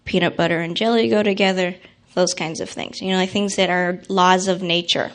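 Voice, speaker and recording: A young woman, a guest speaker, telling an animated personal story to an audience and acting out quoted voices. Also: on the low side, a little fast.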